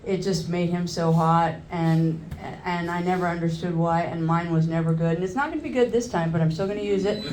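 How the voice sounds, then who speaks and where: A woman's voice: lowish voice, fairly quick, few pauses, darkish tone, reverberant, slight background noise. A woman in her forties doing a crude stand-up comedy set, telling loose stories and working the crowd from a club stage.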